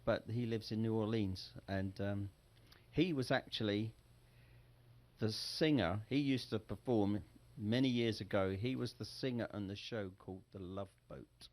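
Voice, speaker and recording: A man's voice: fairly low pitch, a little slow. A middle-aged Englishman, a Sinatra tribute singer, recounting his career in a rambling interview story that corrects itself as it goes. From England.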